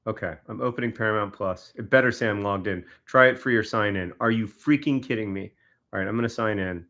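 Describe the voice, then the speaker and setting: A man's voice: lowish voice, a little fast, fairly bright tone. A man, chatting casually on a livestream, giving exasperated, wry running commentary to viewers. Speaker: livestreamer signing autographs.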